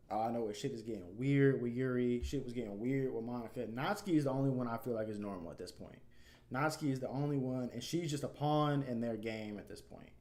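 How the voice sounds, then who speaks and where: A man streaming a game, commenting casually with loud, profane, slangy reactions. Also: medium pitch. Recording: game music behind.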